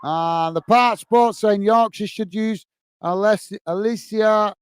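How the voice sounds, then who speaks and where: This football live stream host has a high voice with a clean tone, fairly even intonation and a measured pace, recorded without echo. He chats casually while reading out viewer comments, calls people "mate" often, and speaks with plenty of fillers and restarts.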